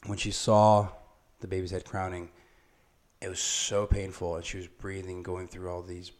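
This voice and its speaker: A man's voice: low-pitched, completely flat delivery, moderate pace. A man telling an emotional birth story in casual conversation, acting out what people said. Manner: emotional storytelling, acts out quotes. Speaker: father, guest. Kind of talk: casual podcast chat.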